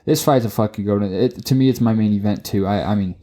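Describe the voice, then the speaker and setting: A young man co-hosting a sports podcast, swearing constantly and tripping over his words as he rushes through his opinions. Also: lowish voice. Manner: profane, excitable, stumbles and repeats words. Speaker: podcast co-host. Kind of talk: casual sports chat.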